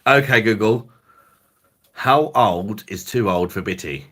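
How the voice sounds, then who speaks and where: A young man hosts a live stream, crude and jokey and quick to laugh. His voice sits a little low, and he chats loosely with his viewers. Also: a bit bright. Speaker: livestream host. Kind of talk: casual live stream chat.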